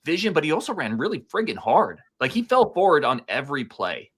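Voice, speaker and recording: A man co-hosting a casual sports podcast, fired up and talking like an excited fan, a few beers in. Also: fairly high pitch, fairly quick, husky. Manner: fired-up, animated fan talk. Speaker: podcast co-host.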